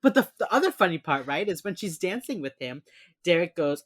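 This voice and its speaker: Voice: medium pitch, brisk, no echo, studio quality. A podcast co-host in casual chat, retelling a TV episode scene by scene and acting out the characters' lines. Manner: animated storyteller who acts out the characters' lines.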